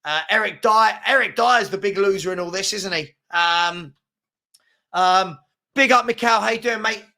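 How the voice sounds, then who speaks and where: A man hosting a live stream, chatting casually and reading viewer comments with an excitable, filler-heavy manner. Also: high-pitched, moderate pace, gravelly. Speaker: livestream host reading chat.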